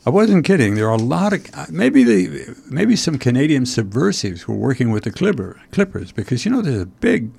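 Man, talk show host, gravelly voice, halting, rambling, wry asides. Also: medium pitch, sing-song, darkish tone. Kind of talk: casual political talk show chat.

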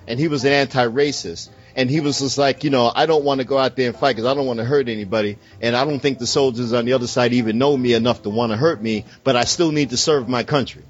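A man's voice: a little high, muffled recording. A man ranting passionately about politics, swearing constantly and raising his voice as he argues. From United States. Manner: profane, impassioned, ranting. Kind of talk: heated political rant.

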